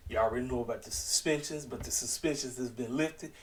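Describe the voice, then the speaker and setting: Brief: a mid-pitched man doing a chatty home recap, audience-facing, slightly distant mic. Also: fast talker, slight background noise. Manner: animated, talks straight to the audience, keeps calling out "ladies and gentlemen". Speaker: wrestling show reviewer. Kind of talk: casual recap monologue.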